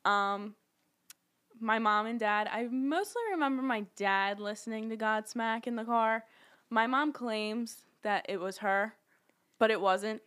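A woman's voice: on the high side, a little slow, a bit bright, clean tone. A young woman co-hosting a podcast in casual chat, chatty and giggly, rambling with plenty of fillers. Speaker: podcast co-host.

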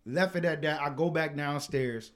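A man co-hosting a podcast, telling a work story in casual, profane chat that turns loud and heated. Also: fairly high pitch, normal speed. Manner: animated, profane, gets loud and heated retelling arguments. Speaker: podcast co-host.

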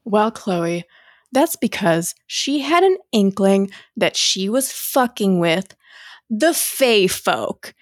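A young woman co-hosting a casual podcast. She reads a spooky tale aloud, drops into a hushed voice, and swears casually. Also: medium pitch, no echo. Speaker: podcast co-host. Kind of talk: casual chat, reading a story aloud.

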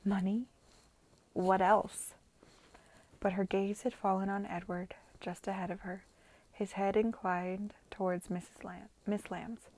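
A woman's voice: mid-range voice, flat delivery, normal speed, darkish tone. A woman reading a novel aloud to friends, casually, often stumbling over words and correcting herself. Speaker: reader.

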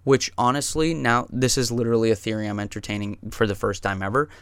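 A man telling a personal story in a casual, rambling way, swearing often and getting excited as he goes. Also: fairly low pitch, quick pace, clear, resonant tone, no room sound.

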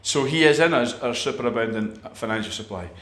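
A man's voice: mid-range voice, lively intonation, a little fast, fairly bright tone, reverberant. A man preaching a sermon, emphatic, with repeated phrases and restarts.

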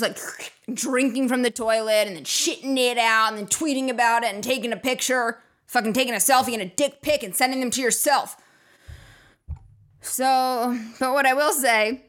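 A woman's voice: on the high side, a bit bright. A woman hosting a comedy podcast, rambling through a profane casual monologue with lots of fillers and acted-out quotes.

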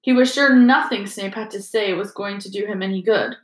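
A woman narrating an audiobook in a measured, expressive way. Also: mid-range voice. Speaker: audiobook reader. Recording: roomy echo.

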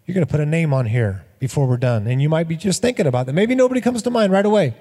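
Middle-aged pastor guy, chatty sermon, kinda high voice, long echoey reverb. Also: animated, quick pace, dark tone. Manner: conversational, repeats words, storytelling.

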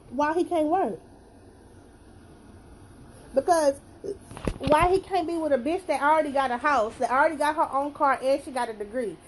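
A woman's voice: high voice, darkish tone, low-quality recording. A young woman giving a blunt, profane opinion rant to camera, repeating herself for emphasis. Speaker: vlogger.

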